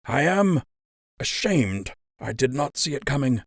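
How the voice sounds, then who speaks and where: A man voicing a calm, principled male rabbit uncle, earnest and pleading. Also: medium pitch, a little slow, no echo, studio quality, pitched above the performer's own voice. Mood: ashamed.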